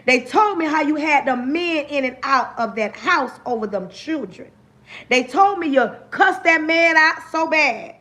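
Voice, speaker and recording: A woman's voice: high-pitched, animated, a little slow, sharp tone, heavily acted. A woman speaking as a blunt, stern old grandmother who scolds and questions without holding back. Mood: scolding.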